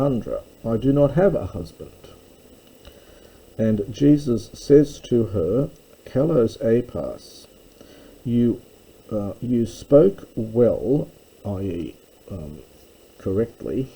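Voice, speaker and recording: A man walks through a text slowly and methodically, stopping often to explain grammar. His voice is dark and mellow with a husky edge, and he speaks at a very unhurried pace. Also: on the low side, low-quality recording. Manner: methodical, explains grammar terms with pauses and fillers. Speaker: Greek teacher. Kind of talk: slow line-by-line translation lesson.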